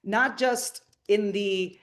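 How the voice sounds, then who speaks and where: A woman's voice: mid-range voice, extremely slow. Earnest inspirational woman speaker. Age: middle-aged. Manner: earnest, inspirational, storytelling with audience questions. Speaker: motivational speaker. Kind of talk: live masterclass talk to an audience.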